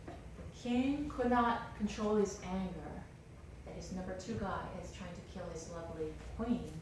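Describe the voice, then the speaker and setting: A woman Bible lecturer retelling scripture in an animated, conversational way, full of "like". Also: lowish voice, a little slow, background noise. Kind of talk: lecture with dramatic storytelling. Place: lecture room. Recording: roomy lecture hall, distant mic.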